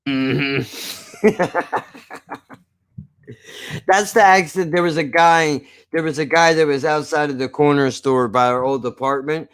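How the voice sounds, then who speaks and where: A man's voice: on the high side, steady tone, a little slow, clean tone. A man chatting casually on a live stream. He jokes, swears a lot and laughs often. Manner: profane, joking, laughs often.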